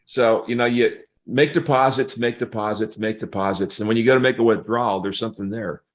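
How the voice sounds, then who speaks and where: A man's voice: mid-range voice, fairly quick. An older man, a pastor and guest, telling humorous stories in a casual interview, laughing often and acting out what people said.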